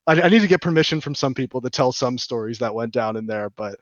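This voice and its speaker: A man telling stories on a podcast in a casual, animated, profane way, often restarting his sentences. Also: mid-range voice, quick pace, no echo, highs cut off. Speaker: podcast co-host. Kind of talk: casual storytelling chat.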